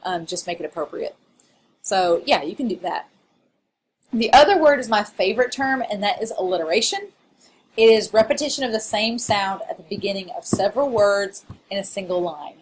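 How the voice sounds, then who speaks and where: In this recorded college English lecture, a Southern Illinois woman talks at normal speed in a mid-range voice. Her style is playful and conversational, with frequent laughs and asides, and there's a little background noise.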